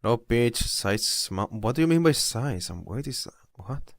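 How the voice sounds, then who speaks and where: A man's voice: medium pitch, big pitch swings, measured pace, dry recording, clean studio sound. A young man streaming, chatting casually and with disbelief while reading posts aloud, laughing often.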